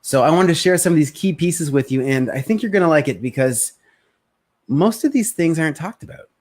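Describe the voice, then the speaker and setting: A man coaching on sales in a casual live-streamed talk, energetic and conversational, acting out short bits of customer talk. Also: on the high side, a little fast. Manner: energetic, conversational, acts out prospects' voices.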